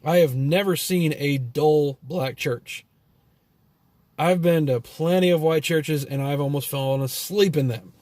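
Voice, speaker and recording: A man's voice: on the high side, a little slow, a little mellow, no echo. A man telling a long story as a vlogger in a casual, profane rant that rambles and is full of "you know" and "like".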